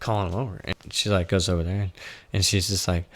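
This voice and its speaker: A young man telling a wild personal story in a loose, animated way, swearing and laughing at his own tale. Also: sits low, fast talker. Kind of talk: casual storytelling.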